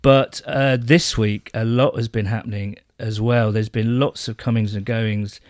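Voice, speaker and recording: A man's voice: fairly low pitch, steady tone, unhurried, no room sound, clean studio sound. A man hosting a casual podcast from a home sewing room, with playful, jokey introductions. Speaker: podcast host.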